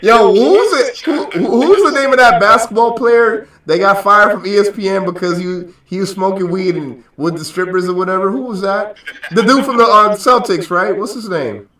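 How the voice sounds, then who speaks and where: A man hosting a trading show, joking and teasing in a lively, animated way, repeating himself as he talks. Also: high voice, moderate pace, reverberant, distant mic. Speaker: host of a stock trading show. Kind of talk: casual joking livestream banter.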